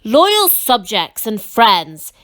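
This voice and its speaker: A woman voicing a blustering male king who makes loud, formal proclamations. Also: a little high, wildly swooping pitch, very slow, exaggerated voice. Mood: grand.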